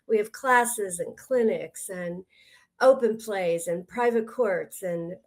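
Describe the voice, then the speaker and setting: A woman's voice: medium pitch, slow pace. Friendly woman describing her clubs. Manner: friendly, listing things, some hesitations. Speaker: guest, pickleball club co-founder. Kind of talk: casual podcast chat.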